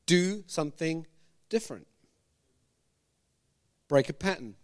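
A man preaching a sermon as pastor, animated, firing questions at the congregation with jokey asides. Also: high voice, a little slow.

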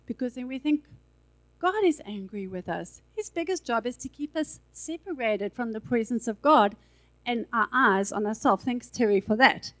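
High-voiced woman preaching casually. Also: lively intonation, moderate pace, a bit bright, low-quality recording. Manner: conversational, chatty preaching with asides and filler words. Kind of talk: sermon. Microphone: handheld microphone.

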